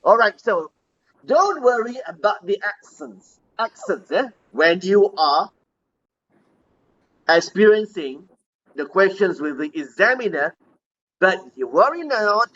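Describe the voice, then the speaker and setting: Guy teaching ielts, high bright voice, jokey and chatty. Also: big pitch swings, slow pace, long pauses. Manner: jokey, chatty, laughs often, acts out student answers. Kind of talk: live online class. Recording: dull lo-fi sound with faint hiss.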